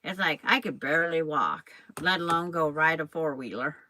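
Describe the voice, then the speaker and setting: A woman's voice: sits low, normal speed, bright, forceful tone, a little hiss or hum, poor audio. An older woman hosting a quilting stream, chatting casually and rambling while she sews and talks to viewers by name. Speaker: quilting channel host. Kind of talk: casual chat while sewing on a live stream.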